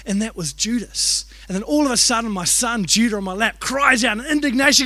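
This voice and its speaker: Lively, jokey New pastor. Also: male voice, high voice, a little fast, dry recording. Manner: animated, jokey storytelling with acted-out voices. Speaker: youth and kids pastor. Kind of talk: storytelling sermon.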